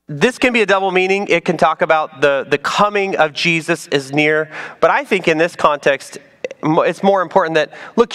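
A pastor delivers his sermon with real animation, his pitch swinging widely and sitting a bit high for a man. He teases and jokes, then drops to a soft, slow emphasis on his key points. The delivery stays casual and conversational.

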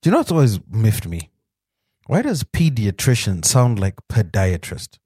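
A man's voice: on the low side, wildly swooping pitch, moderate pace, a little mellow, breathy edge, no room sound, studio quality. A man co-hosting a podcast in casual chat, chiming in with wry, teasing remarks. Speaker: podcast co-host.

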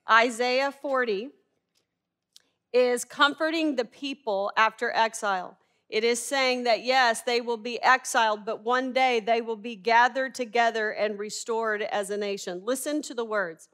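Emphatic woman preacher, slightly high voice. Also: fairly bright tone, smooth. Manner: emphatic, asks the listeners rhetorical questions. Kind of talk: sermon with scripture reading.

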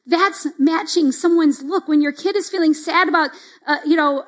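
A middle-aged woman with a high voice leads a devotional teaching talk. She speaks casually, leaning on asides like "like" and "right?". She acts out the little reactions she describes. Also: unhurried. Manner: conversational, fillers like "like" and "right?". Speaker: church speaker.

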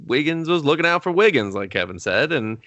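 A man co-hosting a podcast, rambling sarcastically through a movie recap with quick quoted asides. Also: fairly high pitch, very animated, a bit bright, no room sound, muffled recording. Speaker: podcast co-host. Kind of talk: casual movie-review banter.

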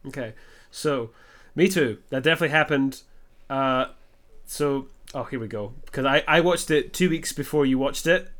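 A man hosting a podcast in casual chat, quick and self-mocking, with hesitant fillers. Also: mid-range voice, a bit bright. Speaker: podcast host.

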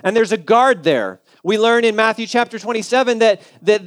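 A man's voice: high voice, fairly quick, a bit bright, no room sound. A male pastor preaching a sermon in a conversational, humorous storytelling way.

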